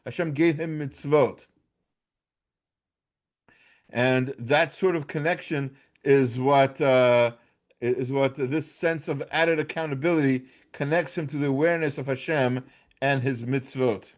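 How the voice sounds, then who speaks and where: A man's voice: mid-range voice, unhurried. An American man giving an informal Torah class, talking conversationally with frequent restarts and "right?" checks. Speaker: class teacher.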